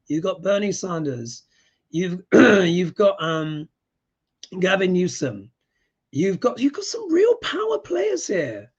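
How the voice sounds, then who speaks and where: A man hosting a casual live stream as an astrologer, talking in an animated, emphatic way and often clearing his throat. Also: fairly high pitch, lo-fi sound.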